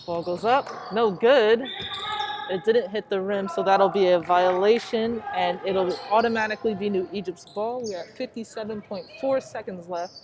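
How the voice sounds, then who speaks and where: A woman's voice: mid-range voice, moderate pace. Nervous woman calling a basketball game. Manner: nervous, excitable, chatty asides to listeners. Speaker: play-by-play announcer. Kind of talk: high school basketball commentary. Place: school gym during a game. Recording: noisy gym sound. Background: crowd ambience and bouncing basketballs.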